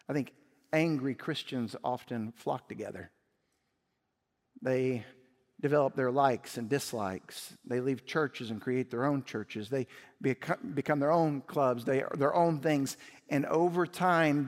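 A man's voice: mid-range voice, long reverb tail. A man preaching a sermon as pastor, emphatic and often rising to raised intensity.

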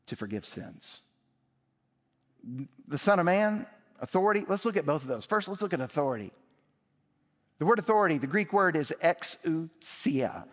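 A man preaching a sermon from the stage of a church, emphatic, swinging his voice up and down for effect. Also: a little high. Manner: emphatic, rising and dropping for effect. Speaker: pastor. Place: church sanctuary. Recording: long reverb of a large hall.

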